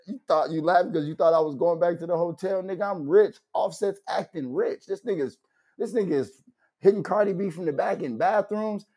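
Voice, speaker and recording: Man, high voice, husky, profane rant, mocking, loud outbursts. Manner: loud, animated, laughing, swearing, mocking asides. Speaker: commentary show host.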